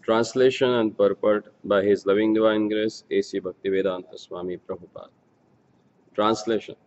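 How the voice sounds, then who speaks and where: A man reading scripture aloud, slowly chanting Sanskrit verses again and again, then giving word meanings and a translation. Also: fairly low pitch, fairly even intonation, darkish tone. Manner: slow, measured recitation, verses repeated several times. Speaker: scripture reader and speaker. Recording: dull lo-fi sound with long hall reverb.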